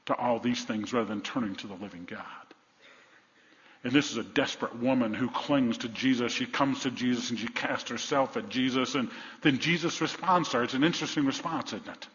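A pastor with a medium-pitched, fairly bright voice preaches a sermon a little fast, speaking earnestly, repeating his words, and asking his listeners questions. The sound is dull and lo-fi, echoing as if in a hall.

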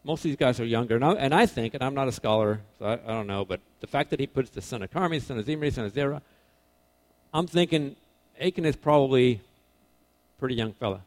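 A man giving a relaxed, conversational sermon to a young crowd. His voice sits at a middle pitch, jumping from loud, stressed points to hushed asides. He talks informally and corrects himself mid-sentence. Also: brisk. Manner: animated, swings between loud emphasis and quiet asides; casual, self-correcting, informal phrasing. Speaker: preacher.

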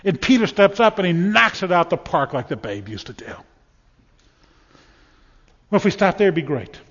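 A man's voice: fairly high pitch, big pitch swings, normal speed, a bit bright, slightly rough. Folksy preacher man in a reverberant hall. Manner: folksy, storytelling preacher with repeated words and sports analogies. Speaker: pastor. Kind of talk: sermon. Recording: dull sound with long reverb in a hall.

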